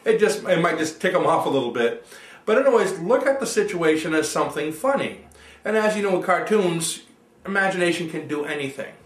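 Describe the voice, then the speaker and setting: A man gives an instructional self-help talk and guides his listeners through each step of an exercise. His voice sits fairly high. He is recorded from a distance in a room with noticeable echo. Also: animated, brisk. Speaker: NLP coach.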